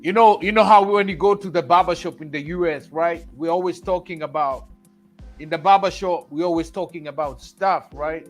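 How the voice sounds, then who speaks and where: A man's voice: fairly high pitch, normal speed, faint music behind. A man with a Kenyan accent, a panelist on a casual livestream, telling stories emphatically and acting out quoted dialogue.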